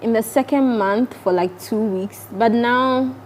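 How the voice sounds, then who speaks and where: A woman's voice: a little high, unhurried, a little hiss or hum. A woman who is a new mother, chatting casually about her baby on a talk show.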